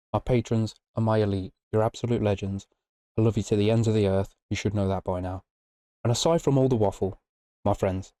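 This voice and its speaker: Host of a reaction channel, man, warm mellow voice, loose rambling talker who swears, dry close sound. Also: on the low side, no room sound. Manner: chatty, swears freely, keeps asking "you know what I mean". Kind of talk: casual rambling video outro.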